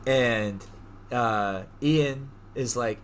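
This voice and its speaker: Male podcast host, mid-pitched, animated storyteller, casual and profane, faint hiss behind. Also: extremely slow. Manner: animated storyteller who swears freely and acts out quotes. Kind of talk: casual chat retelling a movie plot.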